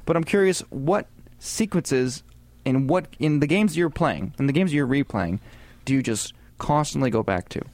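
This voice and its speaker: A man co-hosting a casual gaming podcast, talking in a chatty, rambling way with animated asides. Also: fairly high pitch, moderate pace, no room sound. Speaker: podcast co-host.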